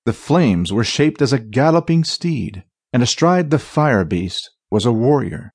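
A man narrating a fantasy audiobook in a dramatic, expressive reading. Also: mid-range voice, measured pace, few pauses, breathy edge, dry recording.

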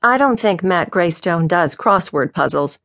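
A woman's voice: on the low side, expressive, unhurried, fairly bright tone, no room sound. A woman doing a wry, unflappable lady sleuth. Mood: teasing. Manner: wry and teasing.

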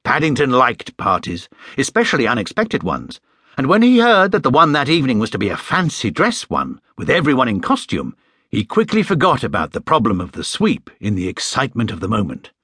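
A man narrating a children's storybook with an expressive, gently humorous delivery. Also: mid-range voice, fairly quick, slightly rough, no room sound, clean studio sound. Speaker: audiobook narrator. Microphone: studio microphone.

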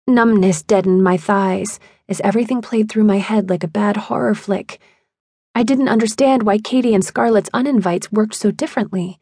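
Gravelly-voiced woman audiobook narrator. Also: mid-range voice, moderate pace, no echo, clean studio sound. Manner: emotional, expressive reading. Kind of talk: first-person audiobook narration.

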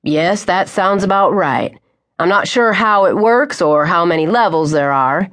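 A woman voicing a stern but patient middle-aged father who speaks in a measured, firm way in an audiobook. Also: on the low side, a bit bright.

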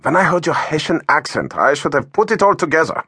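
A man's voice: fairly high pitch, very animated, fairly quick, bright, forceful tone, husky, dry recording, voice pushed up, heavily acted. A man voicing a knowing male intelligence officer with a German accent, who speaks in a precise, lecturing way. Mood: dry.

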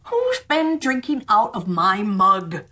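A woman voicing seven little male dwarf miners, kindly and fussy, in high squeaky put-on voices. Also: huge pitch swings, slow, bright, forceful tone, heavily acted. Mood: indignant.

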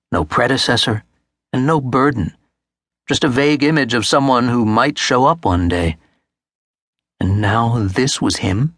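A man reading a literary novel aloud as an audiobook narrator, in a measured, steady manner on a close studio mic. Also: mid-range voice, slightly rough, dry recording.

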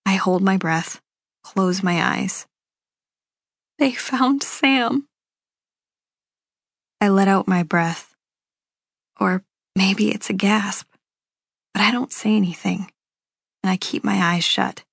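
A woman reading a first-person novel aloud as an audiobook, in a measured, unhurried telling. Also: medium pitch, level tone, vocal fry, husky, no room sound, studio quality. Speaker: audiobook narrator.

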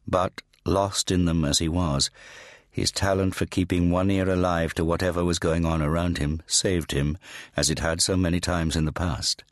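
A man narrating an audiobook in a measured, grave storytelling manner, on a close studio mic. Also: low-pitched, dry recording. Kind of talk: scripted narration.

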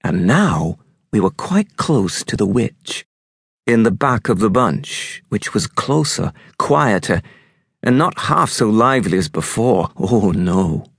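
A man narrating an audiobook in an unhurried, expressive storytelling manner. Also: lowish voice, dry recording, clean studio sound.

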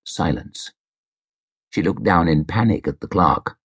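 A male audiobook narrator reading a crime novel in a measured, expressive storytelling manner. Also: low voice, slightly rough. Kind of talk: scripted narration.

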